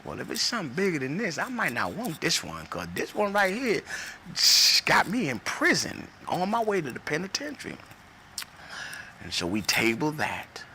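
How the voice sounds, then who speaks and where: A man's voice: fairly high pitch, wildly swooping pitch, normal speed, pushed and bright, slight background noise. A man in his forties giving an earnest, preacherly personal testimony, repeating phrases for emphasis and telling a parable. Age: 40s. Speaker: speaker sharing his testimony.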